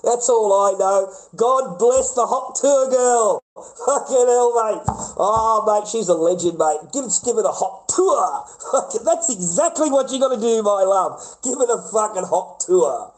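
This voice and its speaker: A man's voice: high voice, low-quality recording. An Australian man livestreaming and chatting with callers in a rambling, profane, rowdy way. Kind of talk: casual livestream chat with callers.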